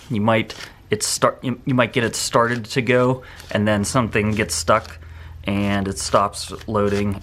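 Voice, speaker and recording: A man explaining a hands-on film photography task step by step, in a relaxed, rambling way, thinking aloud as he works. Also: on the low side, a little hiss or hum. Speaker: photography instructor. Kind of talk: hands-on tutorial.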